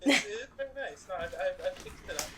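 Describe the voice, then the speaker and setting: A man's voice: high-pitched, expressive, fast talker, a crowd in the background. A man co-hosting a podcast, jokey and teasing the others. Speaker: podcast co-host. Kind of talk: casual podcast banter.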